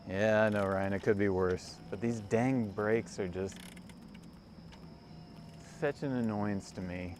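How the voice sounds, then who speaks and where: Man in his forties, unhurried and low-voiced, rambling livestream chat from a bike, outdoor noise behind. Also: darkish tone. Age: 40s. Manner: rambling, self-amused, chatting with viewers. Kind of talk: casual chat while riding. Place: outdoors on a cargo bike by a lake. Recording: outdoor ride with clear background noise.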